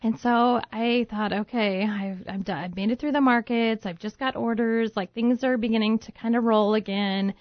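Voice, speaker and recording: A woman's voice: on the high side, moderate pace, hardly any pauses, dry recording. A woman guest in an interview telling a personal story and acting out what she thought and said back then. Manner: lively storyteller who acts out her own past thoughts. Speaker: guest, home baker turned business owner. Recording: dull, muffled lo-fi sound, dry.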